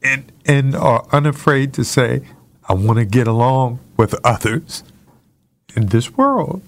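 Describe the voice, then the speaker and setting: A man co-hosts a casual talk show, speaking gently and earnestly. He sounds reflective as he shares his thoughts. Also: medium pitch, expressive, unhurried. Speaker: co-host.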